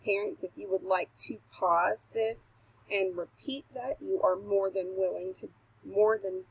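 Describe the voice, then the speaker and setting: Slow, patient woman teaching phonics. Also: mid-range voice, steady tone, husky, poor audio. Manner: slow, patient, sounding out letters with pauses; self-deprecating, laughs at her own slips. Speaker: kindergarten teacher. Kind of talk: recorded phonics lesson for young children. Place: home recording, not a classroom.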